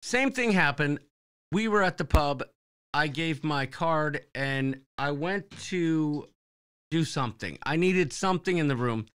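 A man's voice: on the high side, measured pace, smooth. A man co-hosting a live show, rambling through a story and acting out what people said. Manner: rambling, animated storyteller who acts out quotes. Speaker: podcast co-host. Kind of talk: casual live-stream storytelling.

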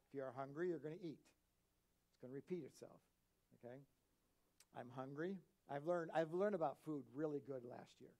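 A pastor preaches a sermon in church, his voice on the high side. He's animated, swinging between loud, emphatic bursts and quiet asides.

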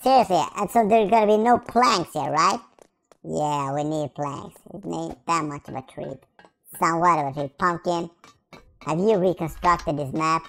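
A woman's voice: sits low, normal speed. A woman voicing a goofy, childish baby hedgehog while commenting on a game, full of silly rhymes, made-up sound effects and sudden yelps. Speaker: gameplay commentator in character.

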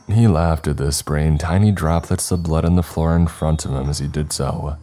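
Very deep-voiced man narrating horror. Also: warm tone. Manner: slow, measured storytelling.

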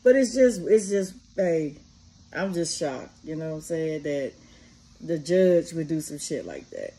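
In a low, slightly slow voice, a woman who vlogs and drives a party bus sits back after work to comment on a news story, full of swearing, laughter and imitated gunfire, all delivered in an animated way.

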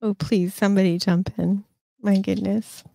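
A woman's voice: mid-range voice, fairly even intonation, normal speed, creaky, mellow, no echo. A woman in her fifties hosting a casual live chat, telling rambling stories in a frank, self-mocking way. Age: 50s. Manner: rambling storyteller, frank, swears, laughs at herself. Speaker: host.

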